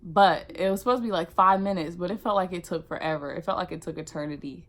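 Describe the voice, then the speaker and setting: A young woman vlogger telling a casual storytime, animated and acting out what people said. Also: fairly low pitch, quick pace. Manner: animated, acts out quotes.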